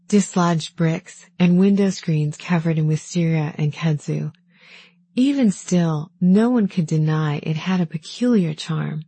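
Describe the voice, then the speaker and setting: A woman narrating a first-person novel in a calm, measured, gently wistful way. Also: on the low side, breathy edge, no echo. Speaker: audiobook narrator.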